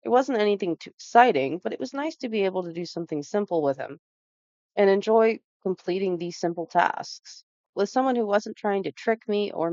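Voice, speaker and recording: A woman narrating a story game aloud in an even, storytelling delivery. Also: mid-range voice, no room sound, highs cut off. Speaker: let's play narrator.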